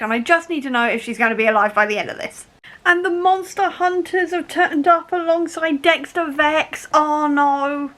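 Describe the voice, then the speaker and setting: Bright and forceful, a young woman's fairly high voice fills her casual book vlog as she reacts to a book. She's emotional, laughing even as she cries.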